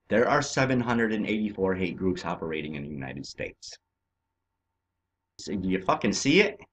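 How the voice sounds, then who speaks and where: A low-pitched male vlogger from California rants profanely and agitatedly over maps on screen. He swings between shouting and muttering.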